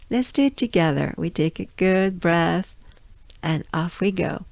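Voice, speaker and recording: A woman from France with a French accent, coaching listeners through pronunciation and drilling each sound slowly over and over. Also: on the low side, vocal fry, no echo. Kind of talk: slow pronunciation lesson.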